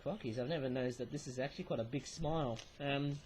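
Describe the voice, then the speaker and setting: A man's voice: medium pitch, fast, a little mellow, a little hiss or hum, low-quality recording. A British man reviewing toys in a rambling, chatty way, full of fillers and tag questions, with a cold and sore throat, talking to a webcam at home. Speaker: toy reviewer. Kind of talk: casual toy review chat.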